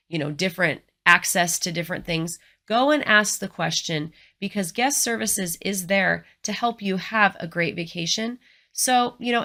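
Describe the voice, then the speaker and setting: A woman's voice: fairly low pitch, bright, forceful tone. A middle-aged woman vlogging travel advice in an earnest, encouraging, chatty way. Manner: earnest, encouraging, chatty with frequent "you know". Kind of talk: casual advice vlog.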